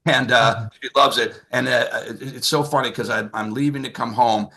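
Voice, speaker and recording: Bright-voiced man in his sixties. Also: medium pitch, steady tone, moderate pace. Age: 60s. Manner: rambling, lots of filler and restarts. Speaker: comedian. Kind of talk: stand-up storytelling on a video call.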